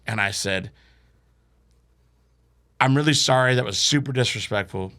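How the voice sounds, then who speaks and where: A man's voice: mid-range voice, a little fast, gravelly, pauses often, fairly bright tone. A young man telling a wild story on a comedy podcast, acting out quotes and swearing freely. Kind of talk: casual storytelling.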